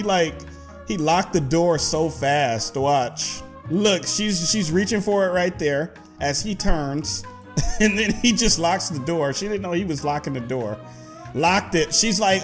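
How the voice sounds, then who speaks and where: A man's voice: high voice, lively intonation, takes it slowly, faint music behind. Laughing young man reacting to clips. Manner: laughs often, playful slang, addresses viewers as guys. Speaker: YouTube host reacting to clips. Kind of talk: casual reaction commentary.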